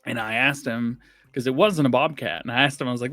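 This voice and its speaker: A man's voice: medium pitch, quick pace, a bit bright, no echo. Man, podcast co-host, casual gaming chat, rambling, dry close sound. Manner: chatty, rambling, laughs often.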